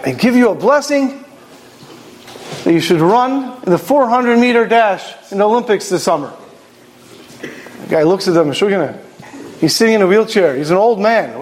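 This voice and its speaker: Animated high-voiced male Torah teacher. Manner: animated storytelling, acts out quoted voices. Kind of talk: Torah class lecture.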